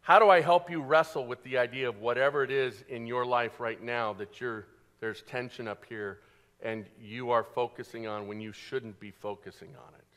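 A male pastor preaching a sermon, animated, asking the congregation questions and answering them himself. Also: medium pitch, moderate pace.

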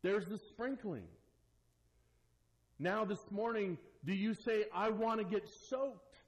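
High-voiced pastor preaching with swings. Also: male voice, takes it slowly, rough recording. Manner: dynamic, swings between loud emphasis and hushed asides. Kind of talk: sermon.

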